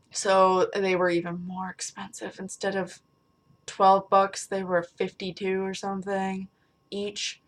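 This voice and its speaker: A woman's voice: mid-range voice, completely flat delivery, a little slow. A young adult woman chatting casually to her webcam from a small bedroom, rambling and swearing lightly. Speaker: vlogger. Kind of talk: casual chat to camera.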